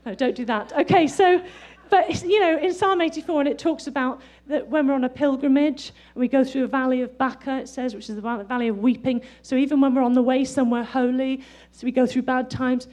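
A middle-aged woman preaching a sermon, lively and excitable, often breaking into laughter. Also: high-pitched, brisk, hardly any pauses.

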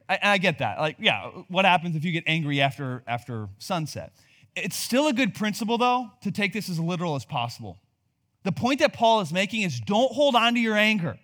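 Animated, joking man preaching. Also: on the high side. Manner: conversational, joking, animated delivery with rhetorical questions. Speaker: pastor. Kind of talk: sermon.

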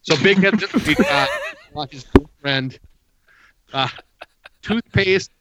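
A podcast co-host bantering crudely and joking over a video call. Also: male voice, a little high, takes it slowly, very noisy.

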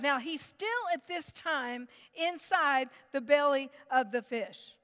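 A middle-aged woman pastor preaching a sermon in a lively storytelling way. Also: high-pitched, slow pace. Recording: long hall reverb.

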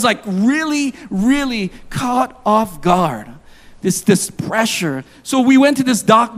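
A man in his forties preaching a sermon, reading scripture and telling a personal story in an animated, joking way. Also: high voice. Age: 40s. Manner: animated, jokey, confessional storytelling. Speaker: pastor.

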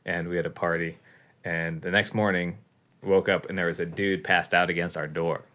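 A man's voice: deep voice, level tone, normal speed, pushed and bright. A man casually telling a story among friends, loose and full of swearing. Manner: loose and profane, swears often.

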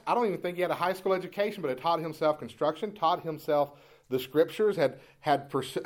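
A man preaching a sermon as pastor, moving from calm, conversational storytelling into loud, impassioned preaching. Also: a little high.

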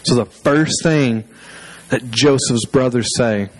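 A man's voice: mid-range voice, slow pace, a little hiss or hum, poor audio. A male pastor preaching a sermon through personal stories, conversational and self-deprecating, with fillers and restarts.

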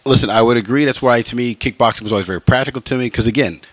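A man hosting a comedy podcast, telling self-mocking jokes in a deadpan way. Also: medium pitch, rapid-fire, dry recording. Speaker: podcast host, kickboxing instructor.

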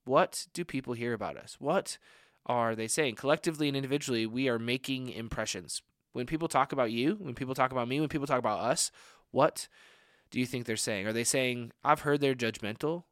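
A man's voice: medium pitch, brisk, fairly bright tone, no room sound, clean studio sound. A young adult man preaching a conversational sermon as a young adults pastor, earnest and full of rhetorical questions, often saying "like". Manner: frequent filler "like".

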